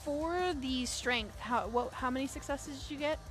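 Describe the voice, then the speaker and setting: A woman's voice: sits high, moderate pace, over music. A woman running a tabletop game as game master, narrating playfully, laughing often, and swearing in mock outrage.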